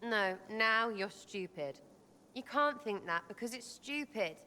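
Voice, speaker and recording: A woman's voice: on the high side, lively intonation, unhurried, sharp tone, long reverb tail, slight background noise. An actress voicing a brash, rude young female elf archer in a video game, blunt and mocking. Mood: scornful.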